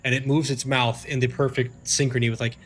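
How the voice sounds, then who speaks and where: A man's voice: medium pitch, flat delivery, brisk, fairly bright tone. A man narrating as game master of a tabletop game stream, casual and rambling with fillers and restarts.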